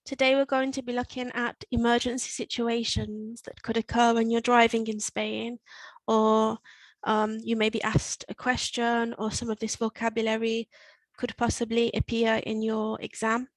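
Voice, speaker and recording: A woman teaching Spanish to learners, repeating phrases slowly and explaining them step by step. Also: on the high side, completely flat delivery, no echo, rough recording. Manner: slow, careful modelling of Spanish phrases. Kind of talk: recorded language lesson.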